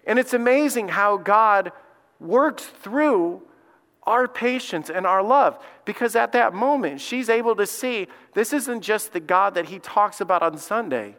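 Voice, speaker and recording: Man, pastor preaching, folksy storyteller, slightly high voice, echoing hall. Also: measured pace. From Alabama. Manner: folksy storytelling, voice rising when excited. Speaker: lead pastor. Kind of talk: sermon. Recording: long hall reverb.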